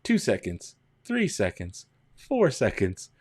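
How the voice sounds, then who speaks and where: A man's voice: on the low side, wildly swooping pitch, slow, husky, no echo, studio quality. A man hosting a casual livestream, chatting with viewers, greeting them by name and counting down. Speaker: livestream host.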